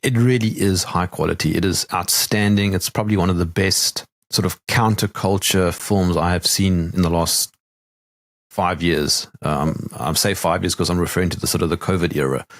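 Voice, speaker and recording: A man from South Africa hosting a casual interview over a video call, animated and quick to laugh. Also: sits low, dry recording, studio quality. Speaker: podcast host.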